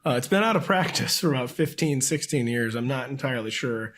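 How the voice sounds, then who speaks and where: A man's voice: mid-range voice, lively intonation, a little fast, a bit bright. A man in his thirties talking as a podcast guest, rambling with lots of fillers and frequent laughter. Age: 30s. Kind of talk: casual chat.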